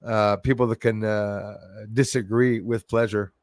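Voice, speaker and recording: A man's voice: fairly low pitch, fairly even intonation, measured pace, dry recording. A middle-aged man, hosting a livestream and chatting casually through viewer comments, rambling and laughing often. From Canada. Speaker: livestream host.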